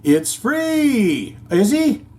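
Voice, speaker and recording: A man's voice: very high voice, very animated, drawn-out words, a little mellow. A man hosting a podcast, chatting casually and rambling through listener comments, chuckling often. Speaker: podcast host.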